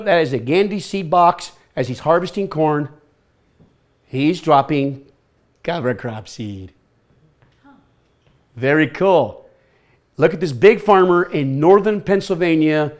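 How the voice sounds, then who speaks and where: Guy running a workshop, upbeat and chatty, fires questions at the crowd, voice sits a bit high. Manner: energetic, quizzes the audience. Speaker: workshop presenter. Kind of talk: lively workshop talk. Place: workshop room with an audience.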